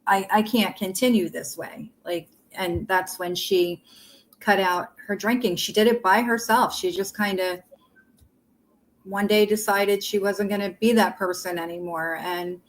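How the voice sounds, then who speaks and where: A woman's voice: medium pitch, fairly even intonation, a little slow, slight background noise, rough recording. Chatty woman telling stories. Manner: chatty storyteller, hesitant restarts. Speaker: co-host of a livestream chat show. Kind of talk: casual chat.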